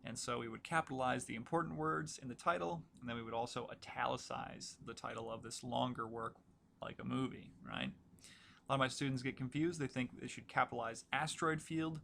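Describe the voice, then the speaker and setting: Male writing instructor, gravelly voice, casual lecture delivery full of fillers, faint background hiss. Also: medium pitch, fairly even intonation, a little fast, sharp tone. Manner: casual, filler-heavy explaining. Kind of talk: recorded lecture walkthrough.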